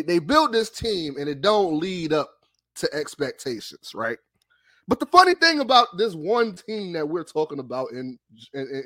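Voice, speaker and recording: A man hosting a podcast in casual chat, going off on a heated, profane sports rant between loud laughs. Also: fairly high pitch, dry recording. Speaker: podcast host.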